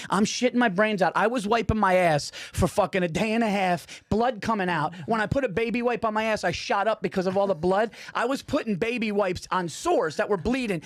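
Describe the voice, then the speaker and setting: Brief: quick-talking male podcast co-host, raised voice pitch, dry close sound, profane ranting storyteller. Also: dry recording. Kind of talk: casual comedic chat.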